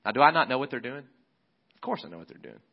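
A man preaching a sermon as a pastor, relaxed and conversational, often restarting his phrases. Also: medium pitch, quick pace, creaky, muffled recording.

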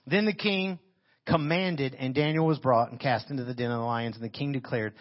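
High-voiced animated preacher man. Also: brisk, dull audio. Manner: animated preaching, reads scripture and then comments on it. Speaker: pastor. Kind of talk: sermon. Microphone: handheld microphone.

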